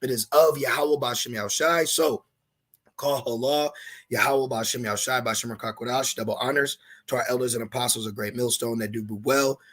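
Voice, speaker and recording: A man's voice: mid-range voice, steady tone, brisk, a bit bright. A man giving an emphatic scripture lesson as a religious teacher, mixing preaching with street slang.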